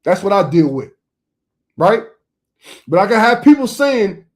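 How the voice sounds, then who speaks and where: A young man with a high-pitched voice preaches informally straight to his listeners. He talks in an emphatic, streetwise way, stacking short repeated phrases to drive each point home. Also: big pitch swings, unhurried, darkish tone.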